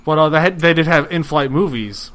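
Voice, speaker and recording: A man co-hosting a podcast, telling jokey stories in casual chat with a deadpan edge. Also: fairly high pitch, brisk. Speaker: podcast co-host.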